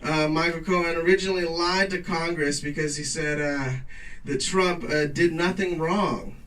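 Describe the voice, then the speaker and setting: A man hosting a late-night talk show, doing a loud, profane stand-up monologue in front of a live garage audience. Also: a little high, steady tone, normal speed, recorded from a distance, low-quality recording. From Mexico. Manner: loud hype-man announcing to a crowd; casual profane joking.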